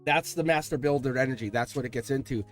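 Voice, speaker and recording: A man's voice: medium pitch, quick pace. A man giving a live-stream tarot reading, chatty and laughing, speaking straight to his viewers. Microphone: desk mic. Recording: faint music behind the voice. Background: soft background music.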